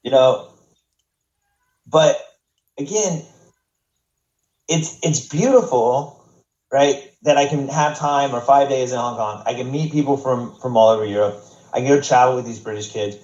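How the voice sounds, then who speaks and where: A man's voice: medium pitch, measured pace, long pauses, a little mellow. An American man telling stories as a podcast guest in a casual, rambling way, swearing often and restarting his sentences. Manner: profane, rambling, many restarts. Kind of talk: casual storytelling. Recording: roomy, dull podcast audio.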